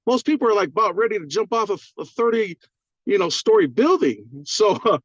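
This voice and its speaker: Brief: excitable man, higher voice, swears freely, muffled dry video-call audio. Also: brisk, no echo. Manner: profane, rambling, fired-up. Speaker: caller on a community call. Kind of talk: excited testimonial on a group call.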